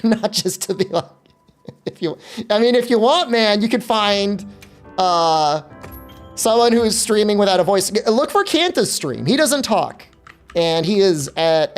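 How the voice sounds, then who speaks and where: Chatty male streamer with a lively voice. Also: high voice. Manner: chatty and loose, joking with viewers. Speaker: game streamer. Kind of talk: casual live-stream chat.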